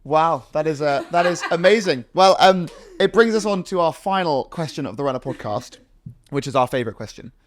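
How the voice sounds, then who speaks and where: A man, hosting a podcast, asking friendly questions in a relaxed way with filler words. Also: a little high, fairly quick. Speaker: podcast host. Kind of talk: casual interview chat.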